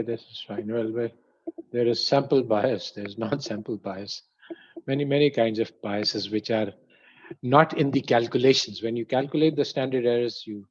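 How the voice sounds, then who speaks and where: Male teacher, calm explainer, slightly husky, muffled dry line. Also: medium pitch, dry recording. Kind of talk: lecture feedback.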